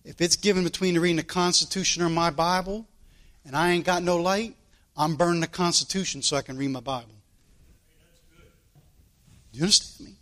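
A man with a notably high-pitched voice preaches an emphatic sermon. He drives his points home with rhetorical questions and repeats phrases for weight. He is an American preacher addressing his congregation. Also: fairly even intonation, fairly quick, pauses often, pushed and bright.

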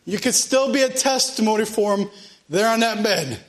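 A man's voice: high-pitched, moderate pace. A man preaching a church sermon and leading prayer, with a fervent, repetitive cadence.

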